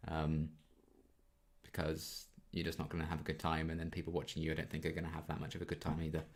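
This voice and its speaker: A man's voice: rumbling low, completely flat delivery, quick pace. A young man in his twenties hosting a casual Q&A, reading viewer questions aloud and chatting through his answers with frequent ums. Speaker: YouTube reaction channel host.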